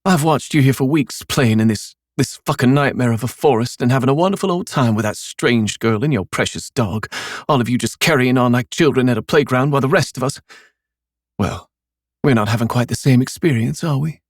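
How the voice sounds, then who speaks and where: A man's voice: medium pitch, brisk, no echo, studio quality, voice pushed up, lightly acted. A man reading an audiobook, voicing a cold, bitter, scheming middle-aged mother who talks sullenly and sarcastically. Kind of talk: audiobook character voice.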